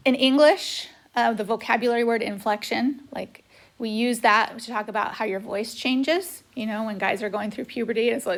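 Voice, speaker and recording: A woman's voice: fairly high pitch, fairly even intonation, fairly quick, a bit bright. A woman teaching a math lesson in a chatty style, filling her talk with frequent "okay"s while she works through a whiteboard recording. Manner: chatty, says "okay" often. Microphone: tablet microphone.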